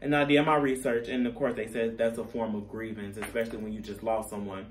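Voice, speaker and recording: A man's voice: fairly low pitch, level tone, quick pace. A young man talking casually to camera as a vlogger, candid and chatty, laughing at himself. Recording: distant camera mic, faint room noise.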